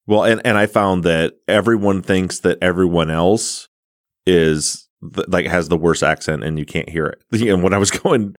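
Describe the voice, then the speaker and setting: A man hosts a relaxed podcast chat, easygoing and quick to laugh at himself. His voice is very low, recorded dry and close. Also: no room sound. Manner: easygoing, laughs often, self-deprecating. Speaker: podcast host. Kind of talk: casual interview chat.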